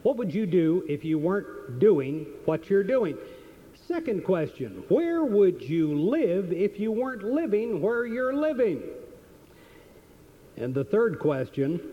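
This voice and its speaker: This motivational seminar comes from a man with a high, sing-song voice who talks slowly. He tells stories earnestly and keeps repeating his central questions, captured on dull lo-fi audio.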